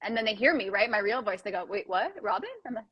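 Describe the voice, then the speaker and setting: A young woman hosting a casual chat, animated and jokey, often laughing. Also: medium pitch, fast, slightly rough, dry recording, muffled recording. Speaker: host.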